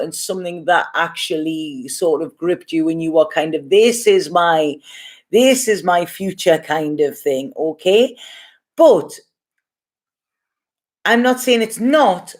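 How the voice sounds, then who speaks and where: A woman with a Geordie accent from Gateshead, giving a casual, chatty tarot reading and reassuring listeners with frequent okays. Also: on the low side. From Gateshead, North East England. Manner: chatty, reassuring, says okay often. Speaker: tarot reader.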